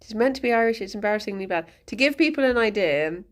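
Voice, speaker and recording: A woman's voice: medium pitch, animated, fast talker. A woman streamer chatting casually, rambling and giggling often as she talks.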